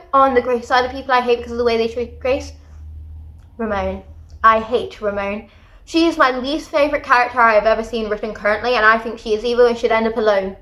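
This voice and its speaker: Animated woman ranting about books. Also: fairly high pitch. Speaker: book vlogger. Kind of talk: casual book review chat.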